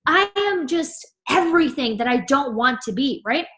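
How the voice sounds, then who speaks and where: A young woman with a very high, bright-pitched voice gives a fired-up motivational talk to her team. She preaches in short punchy lines, piling on "like" and "right?" as she drives her point home. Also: lively intonation, moderate pace.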